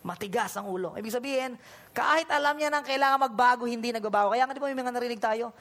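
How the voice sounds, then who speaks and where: Animated Filipino-accented preacher. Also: medium pitch, racing. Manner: animated, acts out conversations and Bible speeches in voices. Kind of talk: sermon mixing Tagalog and English.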